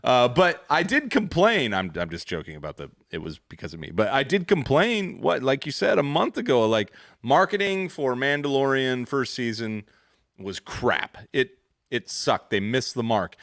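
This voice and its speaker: A male podcast host jokes and teases his co-hosts in a casual chat. His pitch swings widely and lively. He sounds dry and close, with no room echo. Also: normal speed, gravelly. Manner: joking, teasing, animated.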